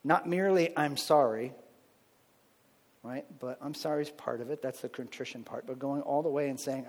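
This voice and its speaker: A medium-pitched man speaks at a moderate pace, his voice trailing off in a long reverb. He is an adult pastor, married with children, delivering a conversational sermon and frequently checking in with "right?".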